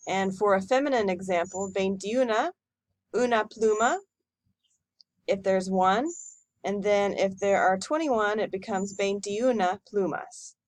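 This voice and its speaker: A woman teacher giving a recorded lesson, modelling each number slowly and clearly for students to repeat. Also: mid-range voice, no echo. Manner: slow, careful model pronunciation for repeating. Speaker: Spanish teacher.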